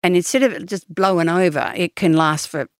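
A woman's voice: lowish voice, brisk, dry recording, clean studio sound. A woman hosting a podcast, chatting casually with her guest, affirming what he says and offering advice. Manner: warmly affirming, advice-giving. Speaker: podcast host. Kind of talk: casual interview chat.

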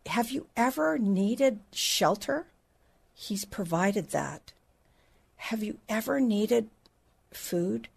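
A woman's voice: medium pitch, animated, takes it slowly, gravelly, pauses often, darkish tone, slightly rough. A middle-aged woman teaching the Bible on a faith podcast, in a conversational way with asides and restarts.

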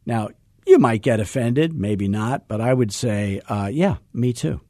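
A middle-aged man coaching real estate agents in a salesy, joking, energetic way. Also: fairly low pitch, a little slow, no echo, studio quality. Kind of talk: coaching podcast talk.

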